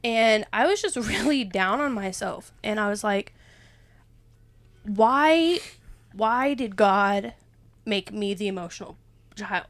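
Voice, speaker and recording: A woman's voice: medium pitch, lively intonation, slow, long pauses, no room sound. A young woman, rambling and emotional as she opens up in a casual faith chat, laughing often. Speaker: podcast co-host.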